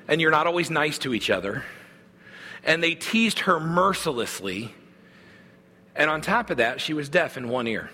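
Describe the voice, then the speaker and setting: A pastor delivers a sermon in a conversational, earnest manner, often circling back with small restarts. His voice is bright and forceful, at a middle pitch for a man. A long hall reverb trails behind his words. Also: husky.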